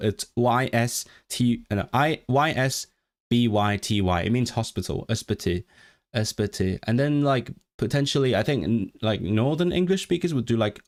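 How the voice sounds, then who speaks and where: A man whose first language is Cantonese, hosting a casual livestream chat, rambling with many restarts and reading chat messages aloud. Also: fairly low pitch. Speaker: livestream host.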